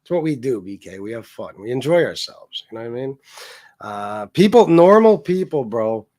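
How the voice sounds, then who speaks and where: A man in his forties hosting a livestream, ranting in a heated, profane way that swings between loud jabs and low mutters. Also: very animated, normal speed. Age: 40s. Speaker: livestream host.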